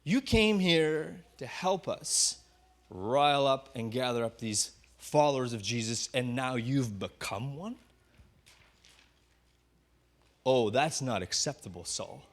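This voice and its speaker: A man voicing an angry group of men who plot with low, bitter menace. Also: expressive, measured pace.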